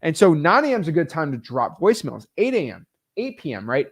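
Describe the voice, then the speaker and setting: Energetic man explaining wholesaling, chatty and loose with fillers, voice sits fairly high. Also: brisk, husky. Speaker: real estate wholesaling coach. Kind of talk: casual instructional talk.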